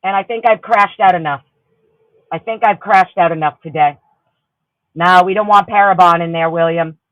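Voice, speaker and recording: A woman's voice: lowish voice, moderate pace, a bit bright, no echo, lo-fi sound. A woman hosting a livestream, ranting heatedly and with lots of swearing while greeting her chatters. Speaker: livestream host. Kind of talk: profane ranting livestream chat.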